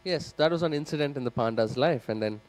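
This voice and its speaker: A man's voice: mid-range voice, fast talker. A man giving a scripture class in a temple hall, telling a story animatedly and speaking directly to his audience. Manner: animated, acts out the characters. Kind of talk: sermon storytelling.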